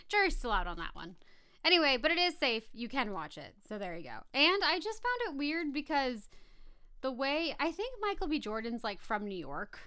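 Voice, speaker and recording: A woman's voice: high-pitched, very animated, moderate pace, bright, forceful tone, clear, resonant tone. A woman with a Californian accent co-hosting a podcast, chatting casually and wandering off topic with frequent laughs. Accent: Californian English. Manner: chatty and digressive, laughs often. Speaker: podcast co-host. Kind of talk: casual chat.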